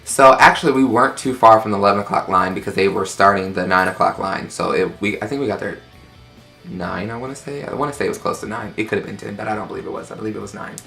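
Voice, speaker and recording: Sassy man with a gravelly low voice. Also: fast talker, soft background music. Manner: animated, sassy, acts out quotes in high voices. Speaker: vlogger telling a story. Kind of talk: casual storytime chat.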